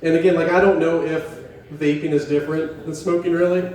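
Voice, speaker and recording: A young man from West Virginia does a stand-up set at a coffee shop open mic, rambling, profane and self-deprecating as he riffs with the crowd while the audience laughs. His voice is a little high, level, brisk and a little mellow. A camera in the echoey room picks him up from far off, with a little hiss or hum.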